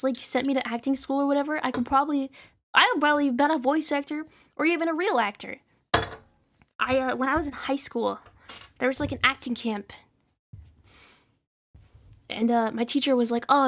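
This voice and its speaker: A young woman streamer in casual chat, ranting with lots of swearing and laughter. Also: sits high. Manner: profane, animated ranting with frequent laughs.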